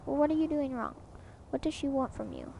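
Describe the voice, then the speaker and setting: A woman reading the lines of a caring, gently nagging mother on the phone, in her own everyday voice. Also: high voice, huge pitch swings, brisk, vocal fry, background noise, full character voice. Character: caring, prodding middle-aged mother on the phone. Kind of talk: reading game dialogue aloud.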